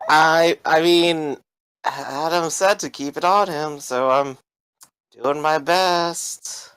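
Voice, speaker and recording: A man's voice: on the high side, steady tone, slow, fairly bright tone, smooth, dry recording, pitched above the performer's own voice, rough recording. A man doing a nervous, cocky young thug.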